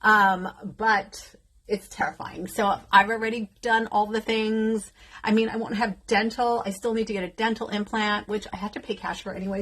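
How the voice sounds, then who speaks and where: Fifties lady vlogging her makeup, kinda breathy voice, chatty and dramatic with her followers. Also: mid-range voice, a bit bright. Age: 50s. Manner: emotional, outrageous, addresses viewers directly. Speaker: beauty content creator. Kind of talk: casual vlog chat while doing makeup.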